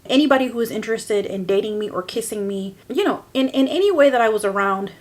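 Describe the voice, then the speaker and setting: A woman's voice: on the high side, expressive, quick pace. Woman in her 40s, podcast host, candid and emotional, just talking it through. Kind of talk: personal podcast monologue.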